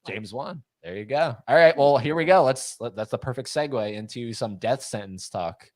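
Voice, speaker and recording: A man co-hosting a casual livestream chat, talking quickly and laughing often. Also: mid-range voice, darkish tone, dry recording. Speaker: livestream co-host.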